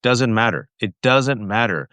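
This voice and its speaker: A man hosting a political show who argues with passion and turns often to his viewers. His pitch is middling. The sound is dry and close. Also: animated, measured pace, sharp tone, no room sound. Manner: impassioned, addresses viewers directly. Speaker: host. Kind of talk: political commentary.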